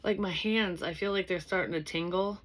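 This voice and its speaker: Low-voiced woman rambling through a psychic reading. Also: moderate pace. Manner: rambling, swears freely, thinks aloud with many restarts. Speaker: psychic medium reader. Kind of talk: casual spoken tarot reading.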